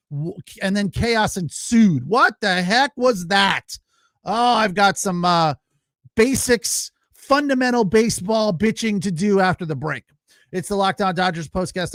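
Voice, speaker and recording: A man's voice: sits high, a little slow, fairly bright tone, no echo, clean studio sound. A man hosting a casual sports podcast, ranting loosely with fillers, restarts and the odd swear word. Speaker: podcast host.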